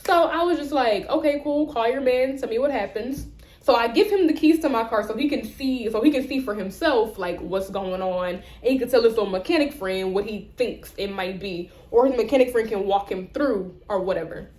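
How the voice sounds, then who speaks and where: Animated young woman telling a story. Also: on the high side, brisk, reverberant. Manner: animated, acts out both sides of conversations. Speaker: vlogger. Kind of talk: storytelling rant.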